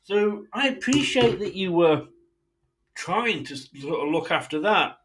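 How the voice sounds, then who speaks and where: An English man hosting a football fan channel, ranting bluntly and swearing freely, and acting out imagined conversations in quick asides. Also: sits high, big pitch swings, a bit bright, a little hiss or hum. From England. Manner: mimics others in asides. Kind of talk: impassioned fan rant.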